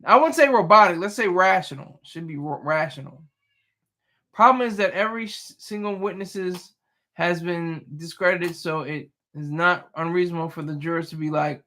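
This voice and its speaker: Speaking at normal speed, this livestream host has a fairly high male voice with a sharp tone. He chats loosely, reads viewers' comments, teases them playfully, and restarts often.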